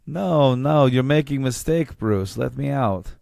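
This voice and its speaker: A man voicing a trapped masked vigilante, begging in short halting phrases. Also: mid-range voice, animated, creaky, a little mellow, no room sound, clean studio sound, pitched above the performer's own voice. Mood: pleading.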